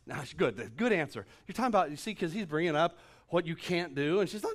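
A middle-aged male pastor with a notably high voice delivers a sermon. He talks emphatically, doubling back on phrases and working himself up with excitement. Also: fast talker.

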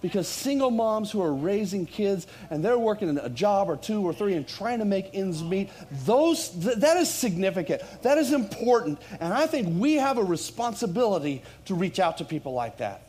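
A man preaching to his congregation in church, his voice pitched high for a man. He talks conversationally, then climbs to loud, emphatic peaks on the key lines. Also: sing-song, moderate pace, hardly any pauses. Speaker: pastor. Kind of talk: sermon.

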